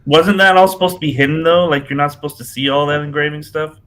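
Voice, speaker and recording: A man's voice: on the high side, fairly even intonation, quick pace, fairly bright tone. A man as a guest in a casual panel chat, chatty and filling his talk with "like". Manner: chatty, full of "like".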